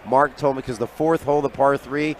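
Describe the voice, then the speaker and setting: A man who is a sports handicapper, telling an animated story as a guest on live sports radio and acting out the people he quotes. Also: medium pitch, fairly quick, slight background noise. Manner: lively raconteur who acts out quoted voices, often trailing off quietly. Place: live broadcast booth at a radio event.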